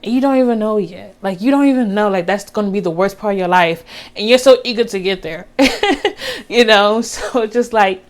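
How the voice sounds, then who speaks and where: A woman's voice: medium pitch, moderate pace. A young adult woman talking earnestly to her viewers in a personal vlog, encouraging them and calling them baby. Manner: casual with Southern US slang like y'all. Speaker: vlogger. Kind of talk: heartfelt personal vlog talk.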